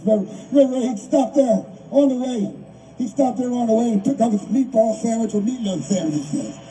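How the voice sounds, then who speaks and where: At normal speed and with an extremely high, mellow pitch, an older man gives a repetitive, emotional speech at an outdoor rally. Faint background noise accompanies the distant recording.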